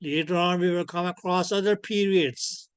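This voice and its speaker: A man teaching ultrasound physics in an online lecture over a computer microphone. He keeps checking whether students follow by asking "clear?", and he fills his sentences with "okay, yes". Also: sits high, steady tone, moderate pace, no echo. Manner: peppers speech with filler "okay, yes". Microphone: computer mic on a video call.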